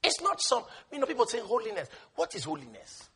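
A man preaching a sermon with passion, swinging between shouted lines and hushed asides, and telling stories with a laugh. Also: extremely high pitch, big pitch swings, fast, breathy edge. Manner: impassioned, shouting bursts and sudden hushed asides; storytelling with laughter.

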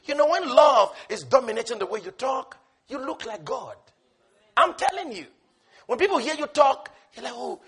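A man preaching a sermon with passion, swinging between shouted lines and hushed asides, and telling stories with a laugh. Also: extremely high pitch. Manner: impassioned, shouting bursts and sudden hushed asides; storytelling with laughter.

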